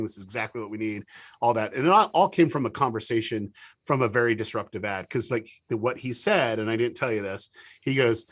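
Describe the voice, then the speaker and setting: A man being interviewed as a TV producer, telling stories in a lively way, with many restarts and acted-out quotes. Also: mid-range voice, no echo. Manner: animated storyteller with many restarts and quoted dialogue. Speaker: guest, TV show producer. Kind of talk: casual interview talk.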